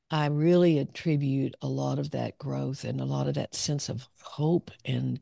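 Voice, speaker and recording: A woman's voice: a bass voice, fairly even intonation, unhurried, vocal fry, warm tone, no echo, studio quality. A woman psychologist telling her own story as a guest in an interview, reflective and open, often laughing. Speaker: clinical psychologist, podcast guest. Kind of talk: candid personal storytelling.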